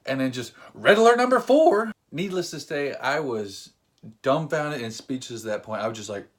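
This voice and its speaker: A young man telling a funny personal story to camera in a casual, animated, self-deprecating way. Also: mid-range voice, normal speed. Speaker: vlogger.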